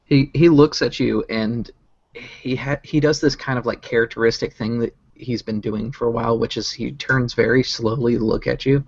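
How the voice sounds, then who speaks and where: A man narrates as game master of a tabletop game, relaxed and halting with many fillers. His mid-range voice is creaky and husky, the audio dull, with no room sound.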